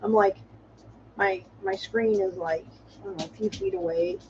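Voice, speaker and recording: A woman's voice: mid-range voice, steady tone, normal speed, a little mellow, lo-fi sound, slight background noise. A woman hosting her own livestream, talking in a rambling, chatty way with frequent laughs and exclamations. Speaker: channel host. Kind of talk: casual livestream commentary.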